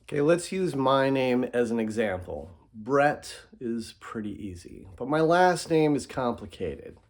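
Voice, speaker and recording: A man talks slowly and deliberately, walking listeners through a lesson. He draws out example words to sound them out, with a calm, middle-aged voice at an ordinary pitch. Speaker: teacher. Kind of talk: instructional explanation.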